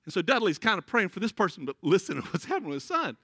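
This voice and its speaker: A man preaches in a high, bright voice. He tells stories in a folksy way and laughs often. The sound is close and dry, with no room echo. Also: big pitch swings, very fast. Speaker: pastor. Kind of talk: sermon.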